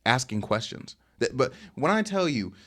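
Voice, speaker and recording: A man's voice: mid-range voice, sing-song, normal speed, a bit bright. A young man rambling through a casual storytime about his dating life, slangy and boastful, talking into a webcam setup at home. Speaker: streamer telling a dating story.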